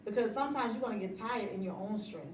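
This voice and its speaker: A woman's voice: medium pitch, fast, recorded from a distance, a little hiss or hum. Emphatic woman in an echoey room. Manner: emphatic, motivational, laughs often. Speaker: interview guest, business owner. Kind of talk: casual interview chat.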